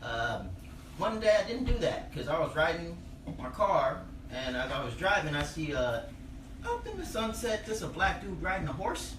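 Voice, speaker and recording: A man performs stand-up in a small bar, with a high voice that jumps all over as he acts out characters. He sounds far from the recorder, with plenty of room echo. Steady room ambience sits behind him. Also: normal speed, background noise. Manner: animated, acts out characters with loud shouted voices. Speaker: stand-up comedian. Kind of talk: stand-up comedy set. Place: bar stage before a live audience. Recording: roomy, distant live club recording. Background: audience laughter.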